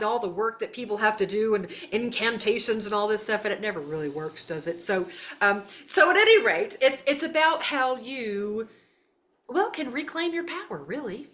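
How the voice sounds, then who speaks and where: A woman, a psychic doing casual readings on a live call, animated, folksy and quick to laugh. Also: medium pitch. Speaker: psychic guest.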